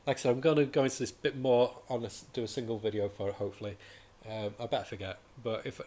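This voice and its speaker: A man chats casually through a comic review at a middling pitch. He sounds enthusiastic and rambles, often stopping partway and starting a sentence again. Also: steady tone, fast, darkish tone. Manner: rambling and enthusiastic, with frequent restarts. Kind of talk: casual chat.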